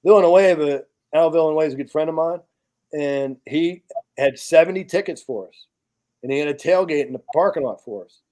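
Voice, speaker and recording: A man's voice: fairly high pitch, a little fast, warm tone. A man in a podcast chat, bluntly telling a profane story about his charity work with veterans. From United States. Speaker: podcast guest, charity founder.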